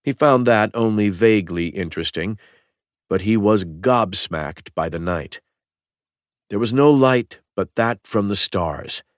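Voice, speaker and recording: A man reading a thriller audiobook in a calm, even manner. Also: fairly low pitch, dry recording, studio quality. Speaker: audiobook narrator. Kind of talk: scripted narration.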